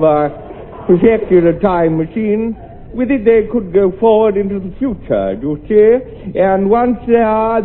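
A man playing a hesitant foreign male colonel with halting speech in a 1950s radio comedy. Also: sits high, slight background noise. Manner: halting, full of uhs. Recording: tinny old radio recording.

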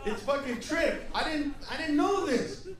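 A brash, profane man performing stand-up on a comedy club stage, with a very high voice for a man. He is heard from a distance in an echoey room. A loud crowd laughs all around him. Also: animated, measured pace. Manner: brash, profane, bursts into shouting.

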